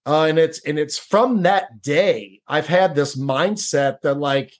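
Casual, slightly high-voiced man telling a story. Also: slow. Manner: casual, repeats words, says "dude" and "like". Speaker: podcast guest. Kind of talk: storytelling interview.

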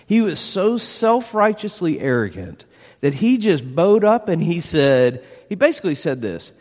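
Male pastor, emphatic sermon delivery, expressive pitch, reverberant hall sound. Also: unhurried. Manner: animated, emphatic preaching with rhetorical questions.

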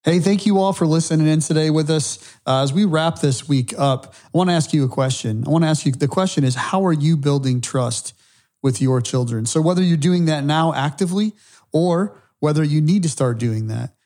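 A man co-hosting a podcast, speaking reflectively and often pausing to restart his sentences. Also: a little high, a little mellow. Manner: reflective, halting with frequent restarts. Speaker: podcast co-host. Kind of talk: conversational podcast talk.

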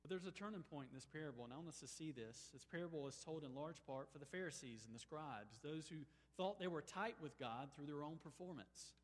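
A man preaching a sermon as a pastor, moving between emphatic, rising exclamations and quiet, pleading passages. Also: a little high, a little fast, hardly any pauses, long reverb tail. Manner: emphatic, swings from soaring exclamations to hushed pleading.

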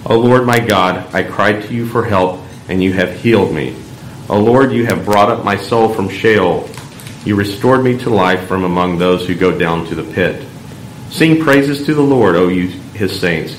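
Man, lector reading scripture in a solemn, measured voice; lowish pitch, roomy church echo, faint hum. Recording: echoey church room, faint background hum.

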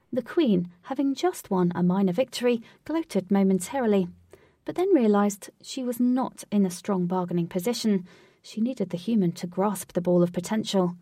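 A woman narrating a storybook in an even, clear reading voice at a middle pitch. The recording is dry with little room sound. The mic sits slightly away from her. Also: normal speed, dry recording, distant mic.

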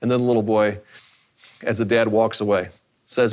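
A man's voice: fairly low pitch, level tone, moderate pace, darkish tone. A man preaching a sermon in a conversational way, often repeating phrases for emphasis. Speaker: pastor.

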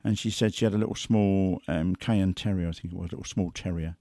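Speaking quickly in a low register, a man takes on the role of a big cat investigator and tells stories in a chatty way. He animatedly performs quotes and sound effects. The recording is dry and clean, with studio sound.

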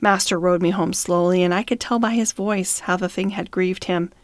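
A woman narrating a classic novel in a measured, even storytelling manner. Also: lowish voice, dry recording. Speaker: audiobook narrator.

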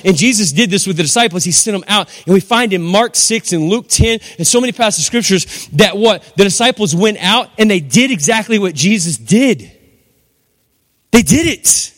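A middle-aged man preaching a sermon as pastor, emphatic and repetitive, with rhetorical questions. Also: high-pitched. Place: church hall. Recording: long hall reverb.

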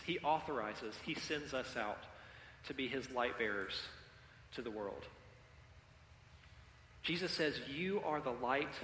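A man's voice: on the high side, pushed and bright, a little hiss or hum. A man preaching a sermon as pastor, talking directly with his congregation and having them call out and repeat after him. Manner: interactive, calls on the congregation. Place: church sanctuary. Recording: echoey hall with long reverb.

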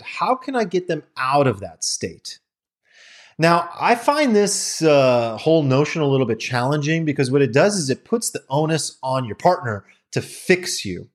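Animated man explaining relationship psychology. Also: medium pitch. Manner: animated, candid, swears casually. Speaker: podcast host. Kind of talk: casual explanatory monologue.

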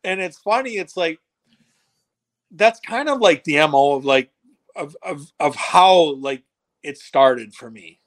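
A podcast guest with a slightly high male voice speaks animatedly at a measured pace. His long, casual, meandering story is full of restarts and swearing, and he performs the quoted dialogue of other people.

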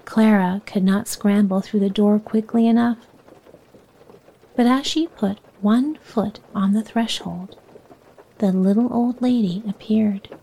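A woman reading a children's bedtime story aloud in a soft voice that often sinks near a whisper. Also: medium pitch, steady tone, slow pace, gravelly, low-quality recording.

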